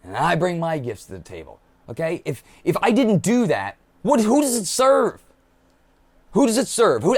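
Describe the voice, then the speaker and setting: A man's voice: high-pitched, very animated, normal speed. A man delivering a blunt, profane political monologue, mocking others with quoted voices as he rants. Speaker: political commentator. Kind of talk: impassioned monologue.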